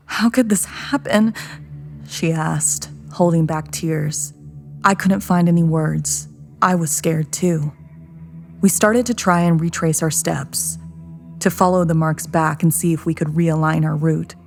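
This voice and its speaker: A woman narrating a first-person horror story in a hushed, tense manner. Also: low-pitched, vocal fry. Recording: narration over soft music.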